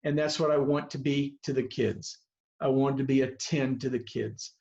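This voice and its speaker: A man's voice: medium pitch, fairly even intonation, normal speed, vocal fry, mellow. Earnest older man on a muffled video call. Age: 70s or older. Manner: earnest, heartfelt, rambling with restarts. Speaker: veteran high school baseball coach. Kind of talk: personal storytelling on a video call. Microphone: video call microphone.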